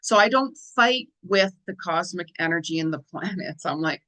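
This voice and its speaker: With a lowish, expressive, slightly bright voice at a moderate pace, a middle-aged astrology and tarot host rambles casually, a bit worn from lost sleep. She repeats herself and leans on "you know" and "right?", and the recording is rough.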